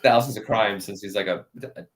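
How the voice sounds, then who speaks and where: A man co-hosting a podcast, retelling anime scenes in casual chat and acting out the characters' lines in loud, squeaky voices. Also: a little fast. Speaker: podcast co-host.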